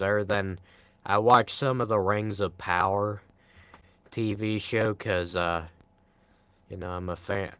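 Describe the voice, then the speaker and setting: This young man from Pennsylvania talks in a deep, smooth, fairly bright voice captured in a dry recording. Speaking with a Pennsylvania accent, he wanders loosely through his live stream, makes self-deprecating remarks, and voices the chat aloud.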